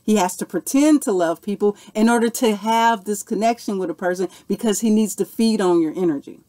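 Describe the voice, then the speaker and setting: A woman in her 40s gives a casual Q&A monologue, sharing a personal story and answering viewer questions earnestly, often saying "okay" and "you know." Her medium-pitched voice is warm and brisk.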